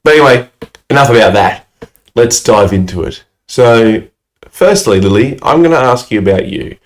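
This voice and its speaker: A man talks loudly and eagerly into a close podcast mic. His voice sits at an ordinary male pitch, and his chat runs casual and passionate, with quick laughs mixed in. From Australia. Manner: loud, excitable, laughs a lot. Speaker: podcast co-host.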